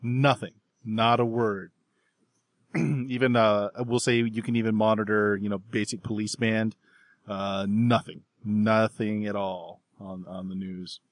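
Man running a tabletop game, halting. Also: on the low side, fairly even intonation, no echo, clean studio sound. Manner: halting, many fillers and throat clearing. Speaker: game master.

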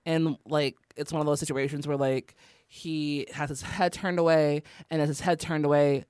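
A young podcast co-host chatting casually and haltingly, leaning on "like" while recapping scenes. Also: medium pitch, flat delivery, a little mellow, smooth, dry recording, studio quality. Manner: chatty, halting, heavy use of "like".

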